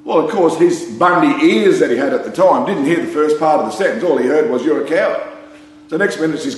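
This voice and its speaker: Speaking with an Australian accent, a man tells a casual story that rambles, punctuated by laughter and plenty of "you know" and "mate." He's a fast, animated talker with a voice on the high side. Heavy echo and a faint hum fill the room.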